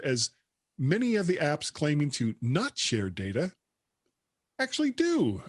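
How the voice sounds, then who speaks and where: A man's voice: on the high side, no room sound, clean studio sound. A man co-hosting a tech podcast, chatting casually and laughing as he reads out the news. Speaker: podcast co-host. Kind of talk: casual chat.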